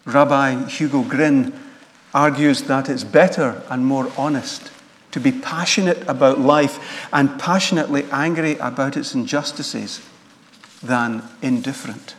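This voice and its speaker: A man preaching a sermon in a church, earnest and measured. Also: mid-range voice. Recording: long church reverb.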